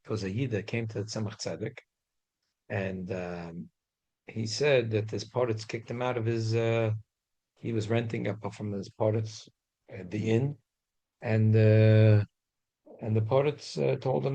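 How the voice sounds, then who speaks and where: A man's voice: lowish voice, steady tone, unhurried, dark tone, rough recording. A man teaching a religious class in a casual storytelling way, chatty, with many restarts and Hebrew and Yiddish terms mixed in.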